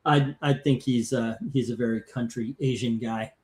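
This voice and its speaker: A man's voice: medium pitch, fairly even intonation, normal speed, hardly any pauses, warm tone. A man hosting a casual live stream, chatting and reading out viewer comments and scores. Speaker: host of a live comic-cover ranking stream.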